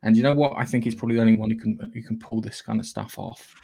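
A man's voice: lowish voice, sing-song, very fast, creaky, dark tone, slightly rough. A man hosting a podcast, chatting casually about films and rambling with many restarts. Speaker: podcast host. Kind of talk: casual film chat.

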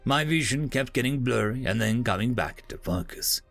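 A man narrating a first-person science fiction story with an expressive, lively delivery. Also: medium pitch, normal speed, gravelly, no room sound, soft background music. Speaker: audiobook narrator.

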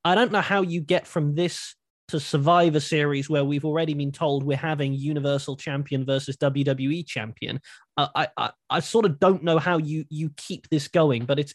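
A man co-hosts a casual podcast, talking animatedly and circling back on his own sentences as he thinks. His voice sits a touch high. The sound is dry and close, with no room around it. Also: moderate pace, no room sound. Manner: animated, thinks aloud with restarts. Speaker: podcast co-host. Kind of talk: casual wrestling chat.

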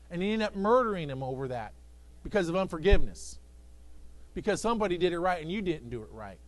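A male pastor preaching an emphatic sermon to a congregation that answers back. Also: high voice. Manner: emphatic preaching with call-and-response, acting out voices. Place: church sanctuary with congregation.

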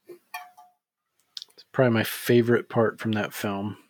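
A man's voice: on the low side, flat delivery, takes it slowly, no echo. Laid-back swearing man, dry sound. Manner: swears freely, laughs easily. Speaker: podcast co-host. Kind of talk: casual chat.

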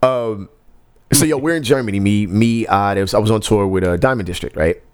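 Laid-back low-voiced man telling stories. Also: fairly quick, clean tone, no room sound. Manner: laid-back, laughs often, slangy. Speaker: podcast co-host. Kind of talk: casual chat, storytelling.

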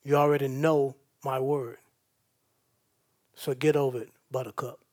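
A man preaching a sermon as pastor, swinging between loud bursts and soft, folksy comfort aimed straight at his listeners. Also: medium pitch, flat delivery, unhurried.

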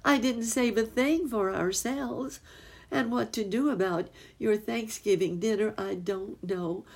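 A woman's voice: mid-range voice, a little slow, a little mellow, voice pushed up. Woman doing a fretful muskrat housekeeper. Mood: worried. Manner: fretful, apologetic. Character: fussy muskrat lady housekeeper.

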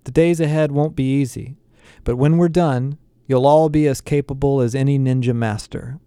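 A calm, measured martial arts trainer in an audiobook, read by a male narrator. His voice is slightly lower and softer, with a mellow tone and a dry, close sound. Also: smooth, no echo, lightly acted.

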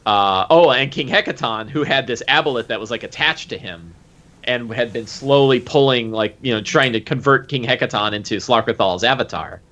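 A man who runs a tabletop game, recapping a session in casual, animated chat with lots of fillers. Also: mid-range voice, normal speed. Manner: animated, full of fillers and acted quotes. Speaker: game master. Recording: dull lo-fi recording.

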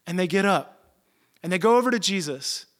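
Guy preaching, slangy animated storytelling, slightly high voice. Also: moderate pace. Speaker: pastor. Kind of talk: sermon.

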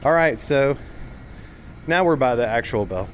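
A man's voice: medium pitch, lively intonation, a little slow, slight background noise. A young man hosting casual street interviews on campus, joking and upbeat. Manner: jokey, upbeat, chatty. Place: office, then outdoors on campus.

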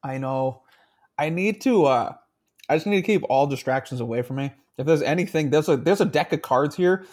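A man's voice: on the high side, fairly quick, a little mellow. Laughing, crude-talking man on a podcast. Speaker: podcast co-host. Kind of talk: casual chat. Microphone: handheld mic.

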